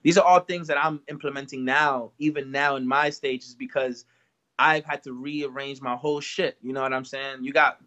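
The audio is dull, but the man's voice comes through medium-pitched, steady, bright, and forceful at a normal speed. He's a rapper guest from Washington Heights, New York, talking casually in an interview with a laid-back, slangy manner and frequent "you know what I'm saying."

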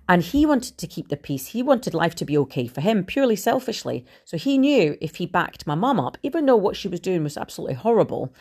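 A woman's voice: sits low, warm tone. A middle-aged woman podcaster talking frankly and conversationally in a personal monologue, now and then swearing.

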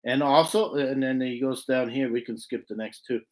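A man's voice: medium pitch, normal speed, darkish tone. A man giving an earnest expository scripture lesson, often repeating words as he searches for the phrasing. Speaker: scripture teacher.

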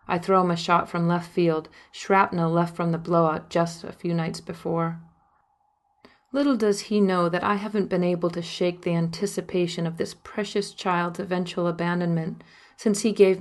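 A young woman reading her own memoir aloud, telling her story in an intimate first-person way, with emotional quoted lines. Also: on the low side. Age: young adult. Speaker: narrator and author of a memoir. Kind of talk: audiobook memoir narration.

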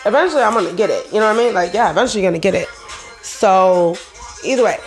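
A woman's voice: mid-range voice, lively intonation, quick pace, faint music behind. A young woman vlogger talking to her viewers in a casual, rambling, slangy and profane way.

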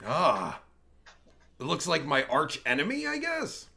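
A crude, foul-mouthed male streamer with a gravelly, fry-laden voice. His pitch swings widely as he mocks and rambles through a livestream commentary. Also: wildly swooping pitch, measured pace, background noise. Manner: crude, profane, rambling and mocking. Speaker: livestream host.

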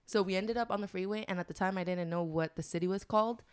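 A young adult woman telling a funny story as a podcast guest in a casual, animated way. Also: medium pitch, quick pace, smooth. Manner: animated storyteller, laughs often.

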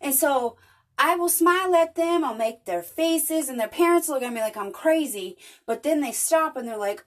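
Chatty woman with a high-ish voice. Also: normal speed. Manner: earnest, chatty, animated storytelling. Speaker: podcast host. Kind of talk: casual motivational monologue.

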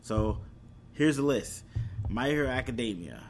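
Rambling casual man, faint rumble. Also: animated, a little slow. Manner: rambling, self-correcting, laughs at own slips. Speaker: anime and streaming vlogger. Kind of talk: casual chat.

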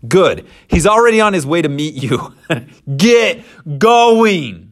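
A man's voice: on the low side, moderate pace, fairly bright tone, close to an everyday voice. A man voicing a commanding male deity who speaks firmly and declares he is in control. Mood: exasperated. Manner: firm, declaring.

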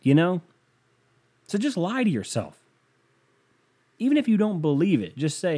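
A man's voice: fairly high pitch, big pitch swings, normal speed, pauses often, warm tone. A young man hosting a podcast, riffing in a casual comedic monologue, rambling and wry with lots of fillers. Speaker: podcast host.

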